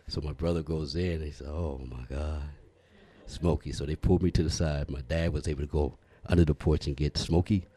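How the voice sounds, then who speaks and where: A man's voice: extremely low pitch, steady tone, fast, few pauses, mellow, slightly rough, dry recording. A man talking in an earnest, folksy, preachy way in a casual timed monologue. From United States.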